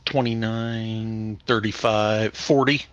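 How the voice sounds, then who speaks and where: A man playing a tabletop game, deliberate, working out his moves and sums aloud. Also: on the low side, fairly even intonation, clear, resonant tone, dull audio. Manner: slow, deliberate, adding up numbers aloud. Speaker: player. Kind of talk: casual tabletop play.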